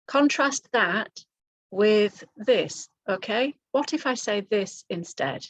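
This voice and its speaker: A woman teaching English directly to the camera, speaking clearly and encouragingly and acting out example phrases for learners. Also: mid-range voice, animated, slow.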